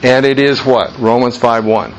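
A man's voice: medium pitch, normal speed, a little hiss or hum, rough recording. A man leading an informal Bible study, talking earnestly and conversationally, repeating his points for emphasis.

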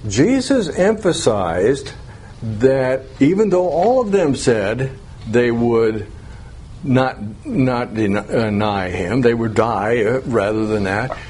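Man, Bible class teacher, unhurried and conversational, faint room hiss. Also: medium pitch, sing-song, darkish tone. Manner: conversational, asks the class questions, chuckles.

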